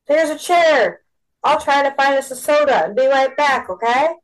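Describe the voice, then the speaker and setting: An eager, helpful teenage boy, as a woman reading a story puts him on, hollering over noise in a voice raised high above her usual one. His lines come out bright and a little strained. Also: animated, moderate pace, poor audio.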